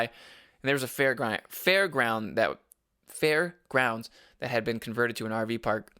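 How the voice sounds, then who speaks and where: A man hosting his own podcast and telling a road-trip story in a loose, rambling way, full of restarts and casual swearing. His voice is bright and forceful, with an average pitch. The recording is dry, with no room sound. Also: normal speed, no room sound. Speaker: podcast host.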